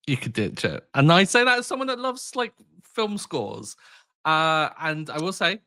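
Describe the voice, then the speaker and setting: Expressive man co-hosting a podcast. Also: on the high side, moderate pace, no echo, studio quality. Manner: opinionated, teasing, expressive. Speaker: podcast co-host. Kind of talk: casual chat.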